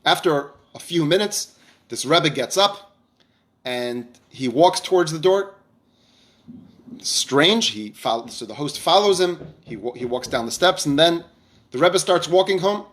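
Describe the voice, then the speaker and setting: A man giving a Torah lesson, telling a story with the dialogue acted out and often restarting his sentences. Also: a little high. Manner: animated storyteller, acts out dialogue, frequent restarts. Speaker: rabbi teacher.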